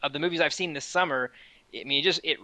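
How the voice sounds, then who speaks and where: A man giving his take on a film in a casual podcast chat, earnest and fluent. His voice is bright and a little high. The sound is close and dry. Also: fast, dry recording. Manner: earnest, opinionated, fluent with light fillers. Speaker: podcast co-host.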